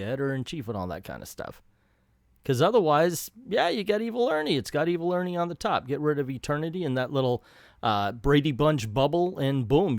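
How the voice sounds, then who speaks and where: A man's voice: on the high side, no echo, studio quality. A man reviewing comic books in casual commentary with sarcastic asides.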